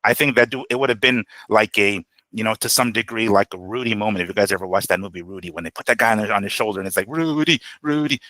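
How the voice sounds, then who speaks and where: A man co-hosting a boxing talk show, giving animated, profane fight analysis and acting out quotes. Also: fairly low pitch, rapid-fire, few pauses, no room sound.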